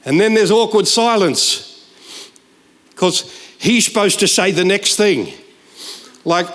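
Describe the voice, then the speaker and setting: Guest preacher, sixties, high voice, animated joking delivery that jumps into shouted punchlines. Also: male voice, normal speed, long pauses. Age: 60s. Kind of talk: humorous sermon storytelling.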